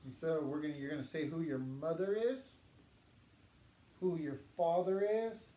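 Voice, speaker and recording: A man teaching a language lesson, patiently saying words slowly for learners to repeat. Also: fairly high pitch, steady tone, mellow. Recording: echoey room with faint noise.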